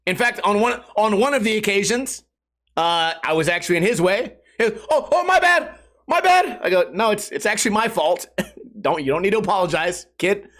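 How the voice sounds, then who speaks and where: Guy ranting on his own podcast, kinda high voice, swears a lot, does goofy voices for people in his story. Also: a little fast. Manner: animated storytelling with exaggerated quoted voices; profane, comedic. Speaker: podcast host. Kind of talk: casual solo podcast rant.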